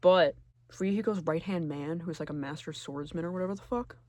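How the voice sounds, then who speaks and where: A man giving casual, sarcastic tier-list commentary, full of swearing, who jumps between loud outbursts and low muttering. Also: brisk, no echo. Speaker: video creator.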